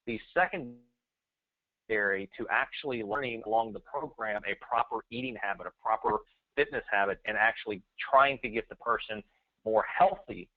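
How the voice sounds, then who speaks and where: A man's voice: fairly low pitch, moderate pace, no echo. A man co-hosting a webinar, speaking hesitantly with many fillers. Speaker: webinar co-host. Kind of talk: webinar talk. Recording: tinny phone-line audio.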